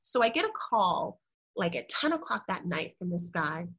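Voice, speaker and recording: A woman guest telling an emotional personal story, animated and acting out the dialogue. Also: normal speed, husky, rough recording. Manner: animated, re-enacts dialogue with rising pitch.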